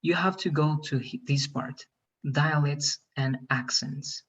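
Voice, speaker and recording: Husky man teaching over a dull line. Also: a little high, steady tone, takes it slowly, fairly bright tone. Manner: repetitive, checks in with "all right?". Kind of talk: online class instructions.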